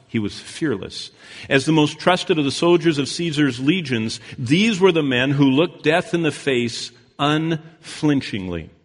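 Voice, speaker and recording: A male preacher delivering a sermon as dramatic storytelling, rising loud and then dropping to a hush. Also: mid-range voice, in a large hall.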